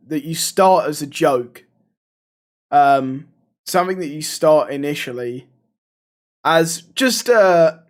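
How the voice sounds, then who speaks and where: A man hosting a live-streamed podcast, swearing freely and telling animated stories in casual chat. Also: a little high. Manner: swears a lot, animated storytelling.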